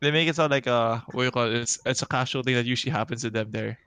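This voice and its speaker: A young man on a casual podcast who asks curious questions and jokes around, laughing easily. His delivery is relaxed and conversational. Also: medium pitch, slight background noise. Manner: playful, curious, quick to laugh. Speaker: podcast co-host. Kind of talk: casual chat.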